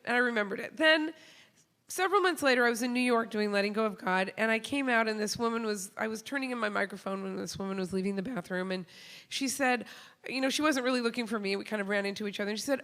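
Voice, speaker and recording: Woman, comic storyteller, bright sharp voice, animated, laughs often, acts out quotes. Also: fairly high pitch, fast. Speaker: comedian and show host. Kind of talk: live comic storytelling to an audience.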